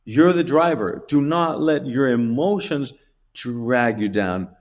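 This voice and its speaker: A middle-aged man, an interview guest, tells a personal story in a halting, emotional way with restarts and small laughs. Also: mid-range voice, expressive, darkish tone. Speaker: guest telling his story.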